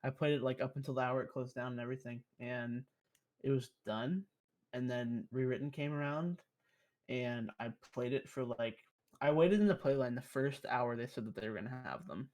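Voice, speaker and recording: A man's voice: medium pitch, normal speed. A young man, a podcast guest, telling rambling stories in casual, profane chat. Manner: profane, rambling, animated storyteller.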